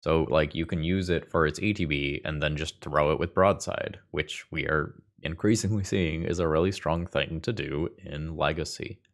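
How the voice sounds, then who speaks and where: Congested, gravelly low-voiced man. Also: moderate pace, few pauses. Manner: thinking aloud, dry self-aware quips. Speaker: Magic gameplay video host. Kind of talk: casual gameplay commentary.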